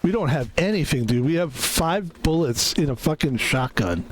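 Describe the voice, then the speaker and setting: A man's voice: a little high, expressive, normal speed, slight background noise. A man streaming a video game, chatting casually in a rambling, profane, self-deprecating way. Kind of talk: casual rambling gameplay commentary.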